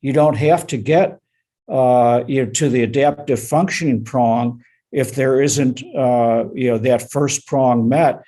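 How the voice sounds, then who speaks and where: A man serving as an appellate judge, questioning lawyers in oral argument with halting, probing questions and many fillers. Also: mid-range voice, mellow.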